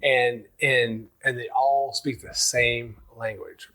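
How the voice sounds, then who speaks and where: A man's voice: mid-range voice, steady tone, slow pace, bright, forceful tone. A man hosting a wine podcast, chatting casually and rambling through anecdotes with lots of fillers. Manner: rambling storyteller with many fillers. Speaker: podcast host. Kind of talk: casual chat, telling anecdotes.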